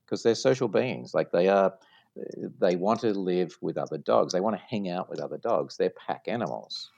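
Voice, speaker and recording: Deep creaky-voiced man explaining business. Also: darkish tone, no room sound, highs cut off. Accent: non-American. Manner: explanatory, storytelling with examples. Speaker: franchise executive guest. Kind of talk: business interview.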